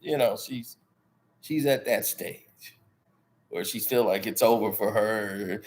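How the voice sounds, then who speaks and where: A man who hosts a channel, telling stories in a casual, slangy, animated way and often laughing. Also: fairly low pitch, slow pace. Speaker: channel host. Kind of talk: casual storytelling.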